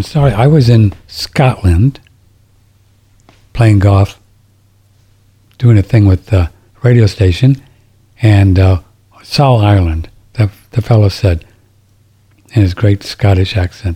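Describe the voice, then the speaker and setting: A man's voice: lowish voice, takes it slowly, pauses often, warm tone, slightly rough. A middle-aged man hosting a talk radio show, rambling and indignant, often restarting his sentences. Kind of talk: casual talk radio monologue.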